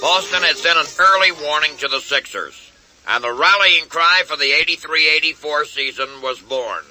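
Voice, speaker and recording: Mid-pitched male narrator, dramatic. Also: moderate pace, poor audio. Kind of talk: scripted documentary narration. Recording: narration over loud background music.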